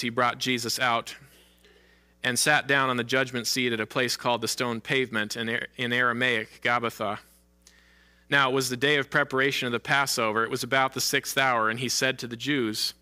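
A male pastor preaching a sermon, earnest, slowing down to stress key phrases and lifting his voice when quoting cries. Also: mid-range voice, bright, forceful tone. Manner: earnest preaching, slows for emphasis, rising for quoted cries.

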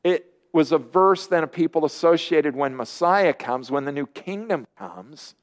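A man preaching a sermon, lively and earnest, often acting out the voices of people he quotes. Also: on the high side, a little slow. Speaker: pastor.

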